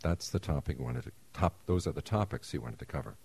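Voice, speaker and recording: A man giving a Buddhist lecture, explaining in a relaxed, measured way with small asides. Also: a bass voice, vocal fry, slightly rough. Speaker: Buddhist teacher.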